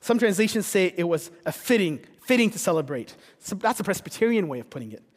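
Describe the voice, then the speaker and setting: A man's voice: high voice, sing-song, fast talker. A man preaching a sermon as pastor, earnest and rising to passionate rhetorical questions. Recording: long reverb of a church hall.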